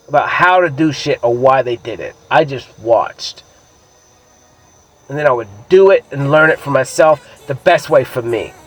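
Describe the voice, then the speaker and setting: A man's voice: on the high side, rough recording. A young man telling a rambling, profane personal story in a casual monologue, brash and self-assured, with lots of filler words. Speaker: vlogger.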